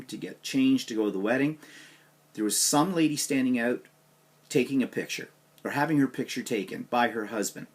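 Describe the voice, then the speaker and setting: A man vlogging to camera, telling a personal story in a casual, animated way and acting out the dialogue. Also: mid-range voice. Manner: animated anecdote with quoted dialogue.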